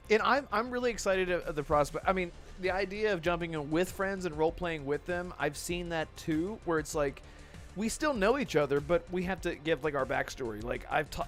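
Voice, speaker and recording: A man hosting a casual gaming podcast, talking in rambling stretches and thanking viewers in chat. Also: fairly high pitch. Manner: rambling, with restarts and chat shout-outs. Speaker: podcast host. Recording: faint music behind.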